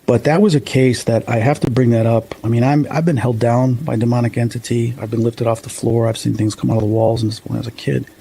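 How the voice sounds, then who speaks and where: A man in his fifties from the Chicago suburbs, a paranormal investigator telling a story in a rambling, halting way with restarts. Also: mid-range voice, fairly even intonation, creaky, dark tone, slight background noise, poor audio. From Chicago suburbs, USA. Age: 50s. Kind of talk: casual storytelling interview.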